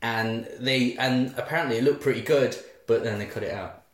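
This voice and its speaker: A man's voice: medium pitch, normal speed. A man co-hosting a podcast, asking wry questions in casual chat. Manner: wry, questioning, laughs often. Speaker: podcast co-host. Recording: roomy echo.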